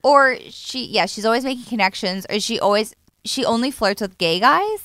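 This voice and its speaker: Young woman comic, chatty anecdotes, highish voice, dry studio sound. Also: animated, normal speed, a bit bright, no room sound. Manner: chatty storyteller, mimics her mom in a high voice. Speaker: guest comedian. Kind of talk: casual podcast chat.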